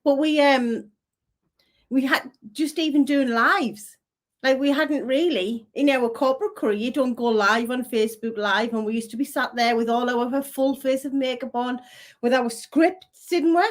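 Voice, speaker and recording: High-voiced northeast English woman. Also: moderate pace. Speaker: co-host. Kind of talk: casual live chat.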